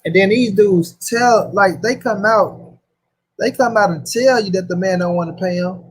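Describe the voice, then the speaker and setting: High husky-voiced man ranting. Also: normal speed, poor audio. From St. Louis, USA. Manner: profane, slangy, repetitive rant. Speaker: boxing commentary host. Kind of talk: casual boxing talk.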